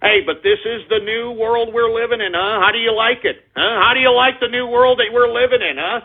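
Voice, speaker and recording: A man hosting a radio show, delivering a loud, crude, mocking rant that swells into sudden shouts. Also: very high voice, a little fast, slightly rough. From United States. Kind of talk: ranting talk radio monologue. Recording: phone-like narrow-band audio.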